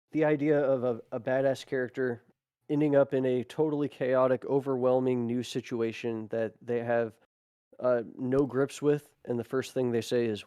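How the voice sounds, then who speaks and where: Earnest male podcast co-host with a warm, dry-sounding voice, reading aloud and musing. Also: mid-range voice, clear, resonant tone, dry recording. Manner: earnest, laughs often. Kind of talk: reading aloud and casual discussion.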